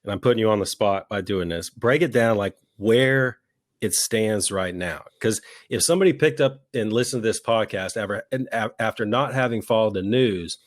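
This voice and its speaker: A man co-hosting a podcast, talking politics in a heated, profane, mocking way, his voice jumping into high-pitched outbursts. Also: normal speed. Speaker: podcast co-host.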